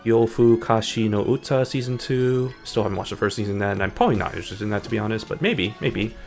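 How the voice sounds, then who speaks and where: A man's voice: fairly low pitch, fast talker, creaky, faint music behind. A man streaming a game, chatting in a hyper, rambling way that jumps between topics. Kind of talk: casual gaming stream chat.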